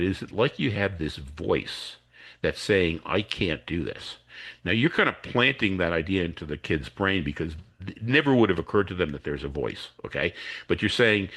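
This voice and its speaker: A man's voice: low voice, very animated, moderate pace, fairly bright tone. A man, an educator and coach, explaining a technique as a podcast guest and acting out what students and teachers say. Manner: acts out students' and teachers' voices while explaining.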